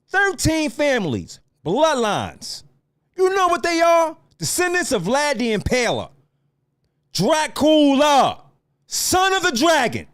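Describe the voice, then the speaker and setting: High-pitched ranting podcast man. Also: a bit bright. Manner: heated, profane, lecturing the audience. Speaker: podcast host. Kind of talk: solo podcast rant.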